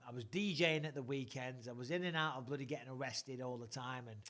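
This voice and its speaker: A man's voice: medium pitch, quick pace, fairly bright tone. A middle-aged English man hosting a casual live chat, rambling through stories and swearing freely. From England. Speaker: podcast host.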